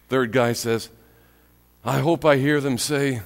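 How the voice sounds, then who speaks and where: A middle-aged male pastor preaching a lively sermon with exclaimed punchlines, then leading a quiet prayer. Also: medium pitch, measured pace. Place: church sanctuary. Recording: church hall reverb.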